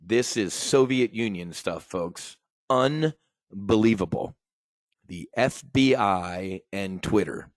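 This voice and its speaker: A man's voice: on the low side, animated, slow, no echo. A man hosting a show, ranting bluntly and profanely about politics in casual talk, often calling his listeners folks. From United States. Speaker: podcast host.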